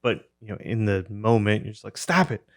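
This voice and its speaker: A man's voice: fairly low pitch, level tone, a little fast, dry recording, clean studio sound. A man hosting a podcast in loose casual chat, wandering through his thoughts as he talks. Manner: rambling, full of restarts and fillers. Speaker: podcast host.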